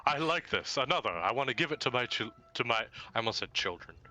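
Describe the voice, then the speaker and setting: An excitable man playing a tabletop game who breaks into loud exclamations. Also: medium pitch, quick pace. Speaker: player. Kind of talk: casual tabletop play.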